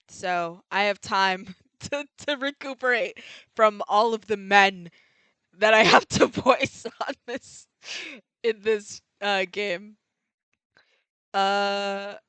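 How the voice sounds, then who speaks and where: A woman's voice: medium pitch, a bit bright, clear, resonant tone, no room sound. A young woman chatting casually and giggling while streaming a video game, dropping slang as she goes.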